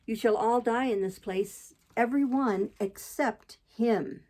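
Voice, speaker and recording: A woman's voice: fairly high pitch, a little slow, a little mellow. A woman voicing a malicious old male wizard in a storybook reading, speaking with spiteful satisfaction. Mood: gloating.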